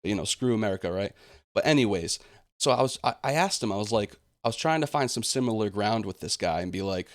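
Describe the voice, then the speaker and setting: A young man with a lowish voice rants straight into the mic, aggrieved and indignant. The sound is close and dry, with no room around it. He often drops into sarcastic put-on quotes of the people he complains about. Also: expressive, fast talker, no room sound. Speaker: gaming channel host. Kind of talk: ranting vlog monologue.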